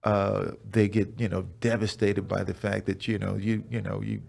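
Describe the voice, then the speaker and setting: Man in his sixties, podcast guest: low gravelly voice, relaxed rambling storyteller. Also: normal speed. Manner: relaxed storytelling, many restarts and fillers. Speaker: guest, retired football player. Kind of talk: casual chat.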